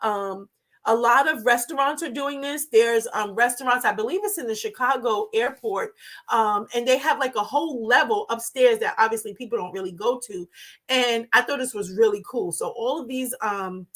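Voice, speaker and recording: An older woman with a New York accent, hosting a live-stream talk in a fast, chatty and enthusiastic way. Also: fairly high pitch, fairly bright tone. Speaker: host.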